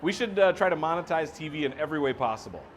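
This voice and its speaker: Man, co-host, teasing banter, animated pitch, slightly high voice. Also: quick pace, slight background noise. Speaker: podcast co-host. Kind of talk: casual chat. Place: live taping venue.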